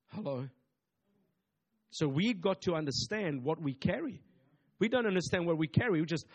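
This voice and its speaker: Male pastor, fairly high voice, emphatic repetitive preaching style. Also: lively intonation, normal speed, pauses often, a little mellow. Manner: emphatic, repetitive preaching with call-and-response asides. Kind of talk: sermon.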